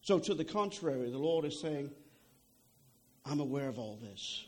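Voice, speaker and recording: A man's voice: a little high, expressive, normal speed, darkish tone. A young adult man preaching a sermon in a conversational way, often checking in with "okay?" and repeating words as he goes.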